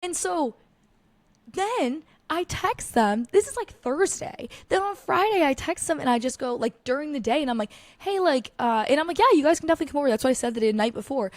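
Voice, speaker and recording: A young solo podcast host with a high-sitting, slightly mellow voice and lively intonation tells her stories in a casual, chatty way, with no room sound in the recording. "Like" shows up constantly, and she swears without holding back. Short side remarks break in often.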